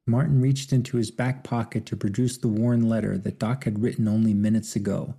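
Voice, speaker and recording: Gravelly male audiobook narrator. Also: fairly low pitch, little pitch movement, a little fast, warm tone.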